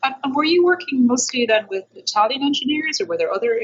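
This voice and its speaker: A woman's voice: high voice, animated, fast talker, slightly rough, dull audio. A woman in her forties interviewing a guest in a university lab, curious and building her questions aloud as she goes. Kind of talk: conversational interview.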